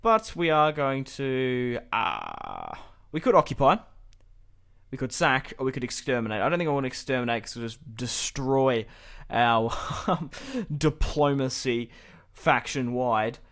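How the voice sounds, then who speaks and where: A man's voice: mid-range voice, a little slow, creaky. A young man giving casual, chatty commentary over a strategy game, thinking aloud as he plays. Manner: chatty and relaxed, thinking aloud, with light laughs. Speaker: channel host, gameplay commentator.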